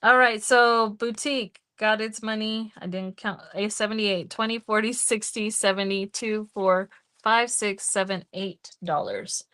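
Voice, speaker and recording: A middle-aged woman hosting a budgeting livestream from home, chatting casually and counting cash out loud in an easygoing way. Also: mid-range voice, steady tone, measured pace, clean tone. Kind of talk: casual live-stream chat.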